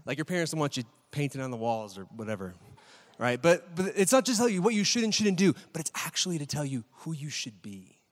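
A man's voice: a little high, sing-song, a little fast. Man preaching in an echoing hall. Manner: conversational, questions the audience, keeps asking "right?". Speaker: pastor. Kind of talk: sermon. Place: church hall with a live audience. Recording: long reverb of a large hall.

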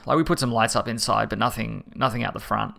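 A man chatting casually as a podcast guest, relaxed with hesitant pauses. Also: lowish voice, gravelly. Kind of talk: casual chat.

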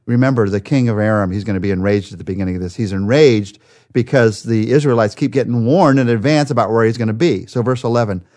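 A man's voice: lowish voice, quick pace, dark tone. A man teaching a daily Bible study in an earnest way, rising to emphatic peaks to stress his points.

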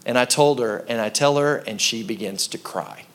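A man's voice: mid-range voice, normal speed. A young adult male pastor telling a personal story in a conversational sermon, acting out quotes along the way.

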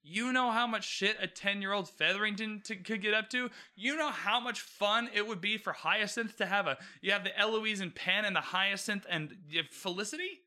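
A man giving casual, animated commentary on a book and its show adaptation, swearing freely and asking "you know what I mean". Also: high-pitched, normal speed, hardly any pauses.

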